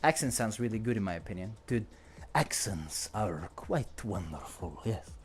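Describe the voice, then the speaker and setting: Animated male streamer with an accent. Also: lowish voice, normal speed, soft background music. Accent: non-native English accent. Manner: rambling, jokey, laughs often. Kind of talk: casual livestream chat.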